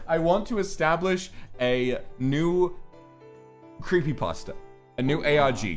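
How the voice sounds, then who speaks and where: Animated man, high and lively. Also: measured pace, faint music behind. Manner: animated storyteller, jumps between voices and big tangents. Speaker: streamer hosting guests. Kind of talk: casual chat.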